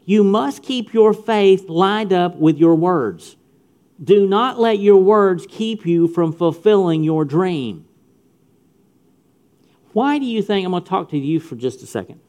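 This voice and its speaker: With a high, mellow, animated voice and an unhurried delivery, a middle-aged pastor preaches emphatically to young people, repeating phrases and talking straight to them.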